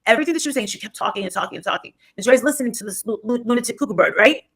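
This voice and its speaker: A woman's voice: a little high, expressive, racing, a bit bright, slightly rough. A woman on a live stream who rambles on scornfully and repeats herself, talking into a phone or webcam. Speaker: livestreamer. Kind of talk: rambling livestream gossip.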